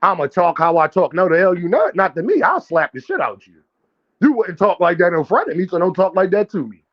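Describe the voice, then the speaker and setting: A brash, profane man talks fast and loose on his livestream, calling out viewers and ordering people into his chat. His voice sits high for a man. The sound is dull and lo-fi, like stream audio. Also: big pitch swings. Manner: brash, profane trash-talking; addresses chat directly and calls out viewers. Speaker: boxing livestream host. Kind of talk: casual livestream commentary.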